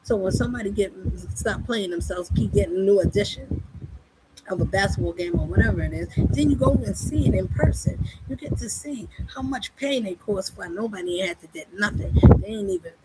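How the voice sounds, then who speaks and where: A woman's voice: mid-range voice, big pitch swings, fairly quick, creaky. A woman preaching fervently in a monologue, pressing her listeners with rhetorical questions. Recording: loud background noise.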